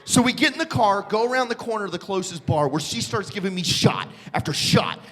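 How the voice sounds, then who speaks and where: A man performing a live stand-up comedy set, telling a story with bursts of shouting and put-on voices. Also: sits high, lively intonation, a little fast, hardly any pauses. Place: comedy club stage. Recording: live club recording with long reverb.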